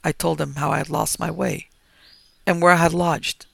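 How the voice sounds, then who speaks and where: Male narrator, reading a story, steady and measured, gravelly, bright tone. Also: a little high, no room sound.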